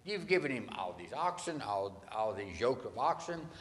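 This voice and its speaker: A preacher putting on a sneering Satan. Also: male voice, on the low side, very animated, moderate pace, a bit bright, big-room sound. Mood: mocking. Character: scheming male Satan, mocking and persuasive.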